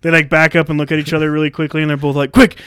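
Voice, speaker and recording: A man's voice: a little high, level tone, racing, fairly bright tone, smooth, dry recording, studio quality. Blunt, profane young man on a podcast. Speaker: podcast co-host. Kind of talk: casual chat.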